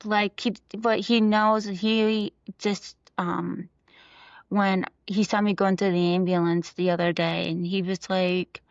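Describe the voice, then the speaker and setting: Halting young woman, dull dry recording. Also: mid-range voice, little pitch movement, no echo. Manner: halting, many fillers and restarts. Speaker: interview guest. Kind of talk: emotional personal interview.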